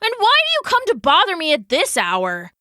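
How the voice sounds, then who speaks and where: Haughty storybook fly king, male, scoffing and bossy, bright high voice, played by a woman. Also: huge pitch swings, normal speed, no room sound, studio quality, full character voice. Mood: haughty grumpy. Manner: imperious, scoffing. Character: grumpy proud male fly king of castle.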